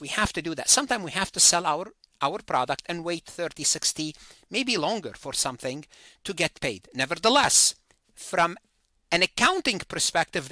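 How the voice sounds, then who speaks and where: A man's voice: on the high side, bright, forceful tone, no room sound. A man giving a recorded accounting lecture, thinking aloud, repeating and correcting himself as he works through figures.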